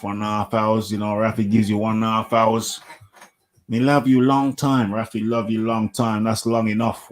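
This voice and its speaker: A low-voiced man hosts a combat sports radio show, giving a casual solo recap of a fight. He rambles, repeats phrases, and chuckles often.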